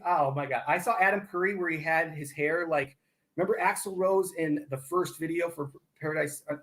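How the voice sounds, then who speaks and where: A middle-aged man from Michigan chats on a podcast, his voice sitting a little high for a man. He rambles through stories, stacking fillers and false starts as he goes. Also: moderate pace, a bit bright, a little hiss or hum. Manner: rambling storyteller with many fillers and restarts. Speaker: podcast guest, actor. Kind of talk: casual chat.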